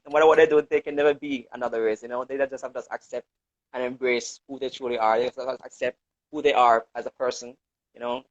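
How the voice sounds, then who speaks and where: A man's voice: medium pitch, fairly even intonation, fast talker, dry recording. Guy talking it over on a talk show, lots of um and you know, dry dull audio. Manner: hesitant, fills with "um" and "you know". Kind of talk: casual discussion. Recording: dull lo-fi recording.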